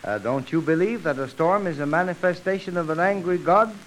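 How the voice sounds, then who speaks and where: A man's voice: on the high side, fairly quick, a bit bright, a little hiss or hum, low-quality recording. A man in a 1930s radio dialogue, welcoming a visitor in a hospitable, earnest way. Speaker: doctor hosting a visitor.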